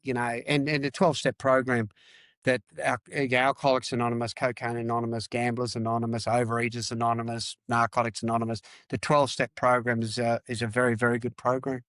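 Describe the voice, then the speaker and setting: A man's voice: mid-range voice, level tone, a little fast, a bit bright, no echo. A middle-aged man from Australia, a podcast guest, talking candidly and emphatically, repeating phrases and swearing. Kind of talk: candid interview talk.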